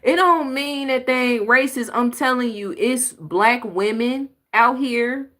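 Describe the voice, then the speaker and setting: A woman's voice: a little high, unhurried, a bit bright. Blunt woman ranting over clips. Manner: blunt, emphatic, sighs and exclaims. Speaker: reaction video host. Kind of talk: reaction commentary on clips.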